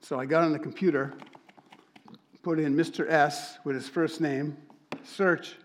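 A man preaching to a congregation, telling a story and acting out the dialogue with lively, animated delivery. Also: a little high, a little slow, slight background noise. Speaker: church speaker.

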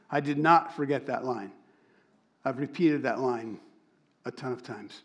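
Man, church speaker, sermon storytelling, animated, acts out dialogue. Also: mid-range voice, moderate pace.

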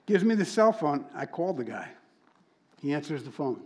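A man preaching to a congregation, telling a story and acting out the dialogue with lively, animated delivery. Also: on the high side, moderate pace. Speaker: church speaker.

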